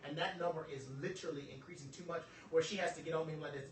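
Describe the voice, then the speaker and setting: Animated joking male speaker, echoey room. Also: fairly high pitch, rapid-fire. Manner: animated, joking, preacher-like delivery. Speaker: motivational speaker. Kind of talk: live talk to an audience. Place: event room with audience. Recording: echoey room from far off, some noise.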